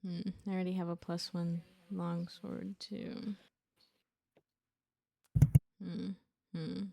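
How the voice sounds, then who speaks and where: A woman's voice: on the low side, little pitch movement, slow pace, gravelly, warm tone, no echo. A woman playing a tabletop game, laid-back and a bit hesitant as she haggles and asks questions. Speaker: player.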